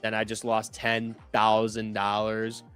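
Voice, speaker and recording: A man's voice: fairly low pitch, completely flat delivery, unhurried, fairly bright tone, soft background music. A young man trading on a live stream, talking loosely with many fillers and self-corrections. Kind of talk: casual chat.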